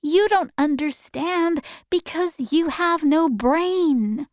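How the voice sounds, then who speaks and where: A woman voicing a kind, polite young girl in a storybook reading, speaking slowly and clearly. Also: high voice, no echo, clean studio sound, voice pushed up.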